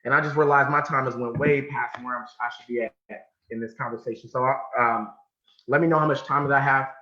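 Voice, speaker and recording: A man from California giving a motivational talk, telling a personal story with emphasis and sudden drops to a hush. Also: medium pitch, steady tone, a little fast. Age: adult. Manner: emphatic, swinging from loud to hushed, repeats phrases. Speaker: motivational speaker. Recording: muffled sound in an echoey room.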